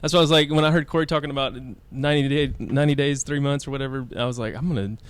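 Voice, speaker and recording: Smooth-voiced man in halting chat. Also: medium pitch, steady tone, no echo. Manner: halting, searching for words with many restarts and fillers. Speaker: podcast co-host. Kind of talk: casual chat.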